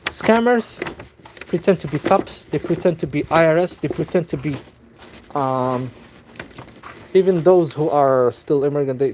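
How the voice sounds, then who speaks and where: A man casually telling viewers about a scam call, indignant and animated, with many restarts. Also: a little high, no echo. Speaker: vlogger.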